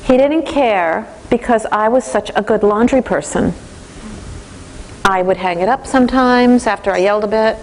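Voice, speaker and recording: A woman's voice: fairly high pitch, moderate pace, a little hiss or hum, rough recording. A woman giving a parenting training lecture to a class, telling stories and acting out voices. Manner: lively storytelling, acts out voices.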